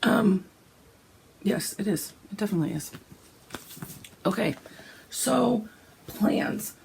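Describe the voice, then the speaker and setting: A woman, hoarse and gravelly from a cold, chatting casually about her cross-stitch plans and often clearing her throat. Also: expressive, takes it slowly, darkish tone, a little hiss or hum. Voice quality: gravelly, deep. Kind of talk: casual chat.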